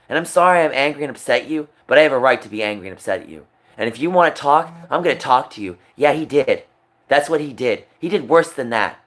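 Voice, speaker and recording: A man streaming live, venting in an emotional rant that swings from low muttering to a raised voice. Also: expressive, brisk, a bit bright.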